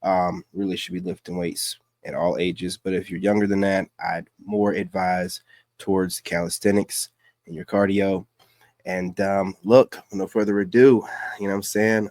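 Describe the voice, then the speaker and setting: A man with a low voice hosts a casual livestream. He reacts to clips in loose, emphatic street talk. The sound is dry and close to the mic. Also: flat delivery, normal speed, a little mellow, dry recording. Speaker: livestream host.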